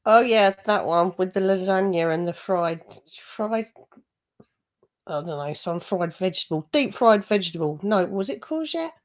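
A woman's voice: mid-range voice, lively intonation, normal speed, a little hiss or hum. A woman giving mocking, gossipy commentary over a video she is reacting to. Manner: sarcastic, gossipy asides.

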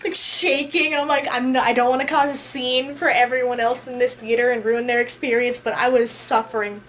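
High-voiced emotional woman chatting. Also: a little fast, a little hiss or hum. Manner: emotional, animated storytelling. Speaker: co-host of a reaction channel. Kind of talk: casual chat.

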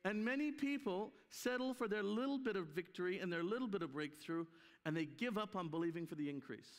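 A man preaching at a conference has a high-pitched voice and a slightly fast pace. As guest preacher he tells stories animatedly, acting out their voices, and the church hall live stream audio has a long reverb.

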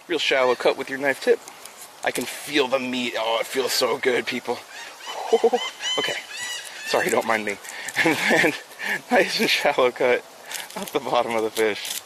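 A man's voice: mid-range voice, a bit bright, slight background noise. Upbeat man filleting fish on stream. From South Florida. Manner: upbeat, chatty, talks to chat while working. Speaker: fishing livestream host. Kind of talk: casual live-stream instruction. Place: outdoors.

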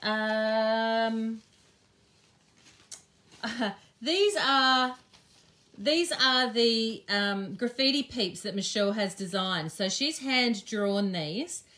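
Slow-paced and medium in pitch with a touch of brightness, an Australian craft teacher and shop owner chats her way through a live demonstration, thinking aloud and using lots of ums.

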